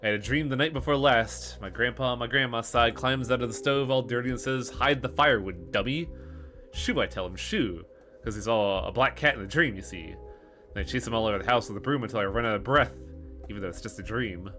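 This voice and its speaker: A man's voice: medium pitch, brisk, sharp tone, faint music behind, close to an everyday voice. A man voicing a superstitious townsperson in a game, rambling in a folksy, grumbling way.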